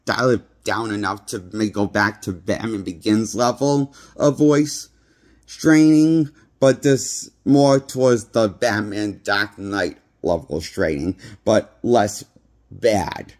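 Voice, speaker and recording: A man's voice: lowish voice, takes it slowly, darkish tone. Rambling man reviewing movies. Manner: rambling, blunt, repeats himself. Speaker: movie critic. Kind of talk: casual vlog movie review. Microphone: handheld phone.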